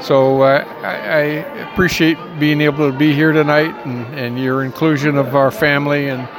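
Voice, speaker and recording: An older man, a grandfather, giving a warm, somewhat halting message of congratulations. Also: a little high, fairly even intonation. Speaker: grandfather of the bride's children. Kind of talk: recorded well-wishing message. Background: music and crowd chatter.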